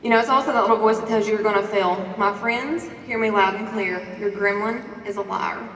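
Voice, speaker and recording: A woman giving a lively motivational talk to a conference audience, asking the crowd questions and preaching about faith and confidence. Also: mid-range voice, fairly quick. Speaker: conference speaker. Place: large conference hall. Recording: echoey hall recording from a distance.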